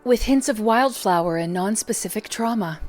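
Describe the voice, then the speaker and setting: A woman doing a deadpan voice-over in a spoof perfume advert. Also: medium pitch, moderate pace, faint music behind, close to an everyday voice.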